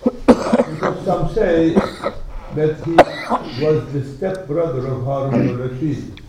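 Male preacher, fairly high voice, unhurried sermon delivery, roomy distant hall. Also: background noise. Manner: slow, emphatic, deliberate. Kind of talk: sermon storytelling. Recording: echoey hall from far off.

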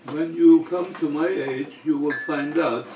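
An older man delivering a sermon in a slow, measured way with long pauses. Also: fairly high pitch, steady tone, darkish tone, slight background noise. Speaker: religious teacher. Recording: echoey room, mic far off.

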